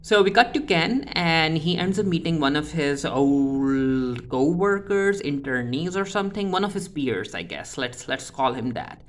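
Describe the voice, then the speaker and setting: A man's voice: fairly high pitch, animated, unhurried, few pauses. A man giving a casual, chatty recap of a TV episode, often restarting with "uh" fillers. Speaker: TV recap reviewer.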